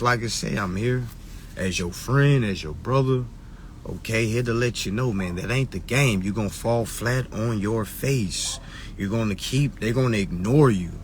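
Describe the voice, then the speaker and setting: Speaking into a phone on a live stream, a man with a medium-pitched, fairly bright voice lectures his followers in casual, preachy talk. He repeats his points and mocks people with put-on voices, and there's a little hiss or hum.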